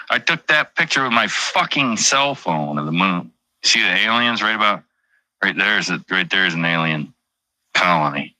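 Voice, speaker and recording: A man's voice: deep voice, very animated, moderate pace, pushed and bright, no room sound, low-quality recording. A truck driver chatting casually on a stream, rambling, swearing constantly and joking as he goes. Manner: profane, rambling, jokey. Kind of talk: casual livestream chat.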